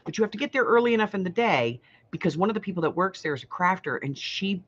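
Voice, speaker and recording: A woman's voice: mid-range voice, animated, fast. An older woman hosting a casual crafting livestream, chatting, rambling through a story and greeting viewers by name. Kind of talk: casual chat. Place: home. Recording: slightly muffled home livestream audio.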